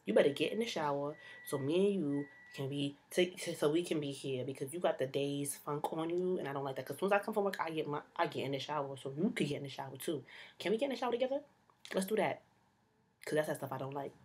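A woman's voice: low voice, animated, fast, a little mellow, a little hiss or hum. A young woman ranting to camera about her pet peeves in a sassy, exasperated, slangy way. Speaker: vlogger. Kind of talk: casual comedic rant to camera.

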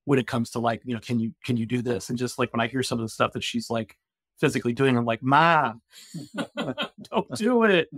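A man's voice: mid-range voice, level tone, fast, slightly rough, no echo, studio quality. Friendly man hosting a podcast. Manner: friendly, chatty interviewer with restarts. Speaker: podcast host. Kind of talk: podcast interview.

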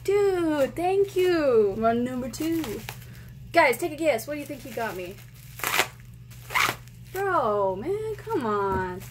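An excitable woman hosts a casual unboxing vlog for her gaming channel. Her voice sits a little high, and she gushes and squeals with delight. Faint noise hums under the recording. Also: takes it slowly, long pauses. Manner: excitable, gushing, often squealing and laughing.

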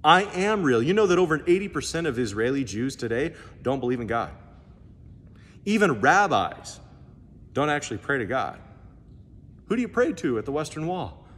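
Animated preacher man in an echoey hall. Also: medium pitch, moderate pace, long pauses, breathy edge. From United States. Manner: animated storytelling, acts out dialogue. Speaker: pastor. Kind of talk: sermon. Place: church hall. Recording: echoey hall, faint ambience.

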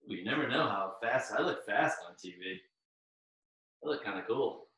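Winded, upbeat fitness instructor, echoey room. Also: male voice, mid-range voice, lively intonation, normal speed, bright, forceful tone. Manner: upbeat, cheering on participants by name while exercising. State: out of breath. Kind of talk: live online workout class coaching. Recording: very echoey room, far from the mic.

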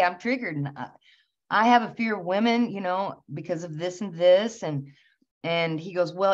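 A woman host telling a personal story in a casual, animated way, laughing as she recounts it. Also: on the low side. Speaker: channel host. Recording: slightly dull lo-fi recording.

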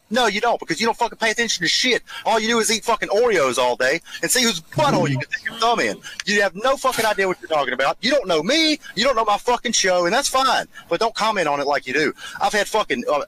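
A man's voice: sits high, pushed and bright, low-quality recording. A man hosting his own show, delivering an angry, profanity-laden rant during a road trip and repeatedly taunting someone who isn't there. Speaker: show host.

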